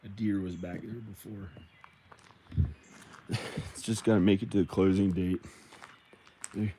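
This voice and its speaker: A man rambles to himself while filming a casual vlog on a phone outdoors and in his car. He speaks slowly with a fairly low but lively, swinging voice. Steady background noise runs under his talk. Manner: rambling, talking to himself, giggly. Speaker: vlogger. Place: outdoors near his house, then in his car.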